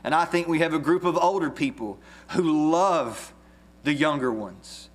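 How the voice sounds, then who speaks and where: A man preaching a sermon as pastor, earnest and measured, with a few restarts. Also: a little high.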